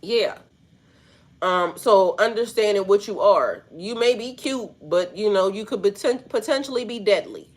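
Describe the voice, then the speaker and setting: A woman's voice: medium pitch, moderate pace. Woman spiritual coach, stuffy-nosed, loose and slangy, swears casually. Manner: rambling, slangy, swears freely. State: stuffy, snotty nose. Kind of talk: casual spiritual talk to viewers.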